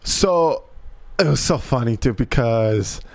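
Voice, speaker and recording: A man and father co-hosting a podcast, telling an animated anecdote full of slang and swearing. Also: medium pitch, slow. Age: adult parent. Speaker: podcast co-host. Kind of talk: casual storytelling chat.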